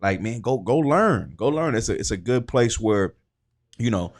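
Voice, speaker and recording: A man hosting a casual talk show, telling stories in a slangy, animated way with lots of fillers. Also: mid-range voice, moderate pace. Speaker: podcast host. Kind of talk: casual chat.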